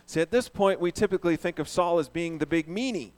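A man preaching a sermon in an animated way, asking the congregation questions. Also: on the high side, quick pace, smooth. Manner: animated, asks the audience questions. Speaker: pastor.

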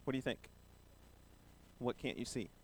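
A man's voice: mid-range voice, moderate pace, a little mellow, a little hiss or hum. Playful man giving a children's sermon. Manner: playful, asks the children questions. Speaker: pastor giving a children's message.

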